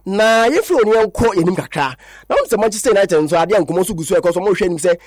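A man's voice: high voice, animated, fast talker, darkish tone, no echo, studio quality. A man with a Ghanaian accent hosting a radio sports show, rambling through lists of player names and switching between languages. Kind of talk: sports talk radio chat.

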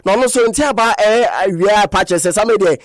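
A man races through a radio sports news roundup in a high voice, his delivery sometimes slipping into a sing-song lilt. The studio sound is close and dry, with no echo.

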